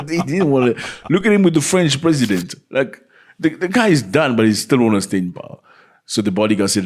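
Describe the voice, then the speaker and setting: A man's voice: mid-range voice, lively intonation, brisk, a little mellow. A man hosting a casual commentary video, talking to his viewers in a conversational way and throwing rhetorical questions at them. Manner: addresses viewers as fellas. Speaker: commentary channel host.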